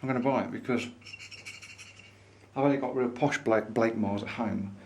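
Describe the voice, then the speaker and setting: A man's voice: medium pitch, fairly even intonation, normal speed, a little hiss or hum. A man vlogging, chatting enthusiastically to camera in a pipe maker's showroom. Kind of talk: casual showroom chat to camera.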